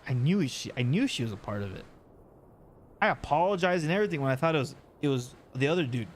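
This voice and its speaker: A young man casually commenting on a story game for his livestream chat, animated and joking as he recaps what happened. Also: on the high side, fast, a little hiss or hum.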